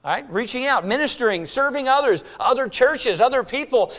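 High-voiced emphatic male preacher. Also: lively intonation, brisk, hardly any pauses. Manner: emphatic, swings between loud exclamations and hushed near-whispers; repeats words and phrases for emphasis. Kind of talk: sermon.

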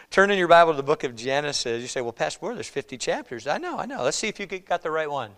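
Male pastor, slightly high voice, informal preaching style, shifts from loud to soft. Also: big pitch swings, brisk. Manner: conversational, asks "all right?" often, swings from loud to quiet. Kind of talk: sermon. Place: church.

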